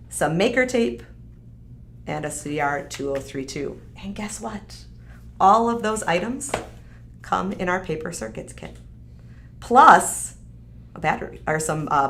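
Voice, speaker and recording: A woman with a lowish, slightly bright voice and lively intonation talks a little slowly as she demonstrates a craft kit on a live stream, keeping it casual, upbeat and chatty with plenty of fillers.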